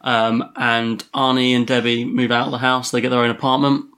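A man's voice: medium pitch, little pitch movement, moderate pace, a bit bright, clear, resonant tone. A man, co-hosting a podcast and leading the story in a casual chat while teasing his co-host with questions.

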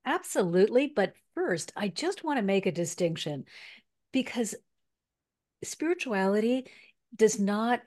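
A woman spiritual counselor speaking as a podcast guest, deliberate and earnest in an encouraging way. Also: mid-range voice, expressive, a little mellow. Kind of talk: motivational interview talk.

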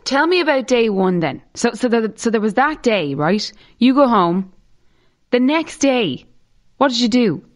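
An Irish woman hosting a podcast, asking questions and laughing along with her guest. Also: a little high. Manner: slow, animated, laughs along. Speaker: podcast host. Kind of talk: interview questions.

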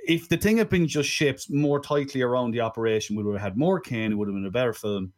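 A man's voice: mid-range voice, fast. An Irish man co-hosting a casual film-review podcast, chatting in a digressive way with frequent "right?" asides. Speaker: podcast co-host.

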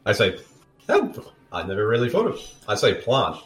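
A man's voice: on the low side, huge pitch swings, normal speed, roomy sound, crowd noise. A man, cracking jokes and laughing easily while riffing on a movie. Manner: jokey, laughs a lot. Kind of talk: casual movie riffing chat.

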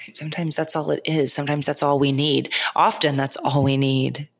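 A woman hosting a podcast, talking in a casual, animated way, full of "like" and "right?". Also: low-pitched, a little fast, vocal fry. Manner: animated, chatty, lots of "like" and "right?". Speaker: podcast host. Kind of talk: casual spiritual monologue.

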